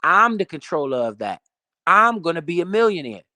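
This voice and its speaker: A man's voice: on the high side, very animated, normal speed, pushed and bright, dry recording, clean studio sound. A man giving a profane, emphatic motivational rant about money in a casual way. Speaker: motivational finance streamer.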